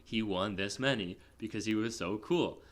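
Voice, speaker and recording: A man co-hosting a film podcast, talking in a rambling, casual way with many fillers and sudden animated bursts. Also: fairly low pitch, normal speed. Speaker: podcast co-host. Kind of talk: casual film review chat.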